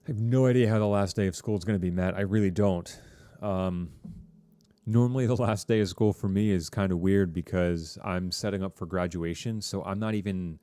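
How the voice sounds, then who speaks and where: A man teaching a high school TV production class, chatting casually to students on a live stream with lots of fillers and rambling asides. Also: fairly quick, mellow, clear, resonant tone, no echo.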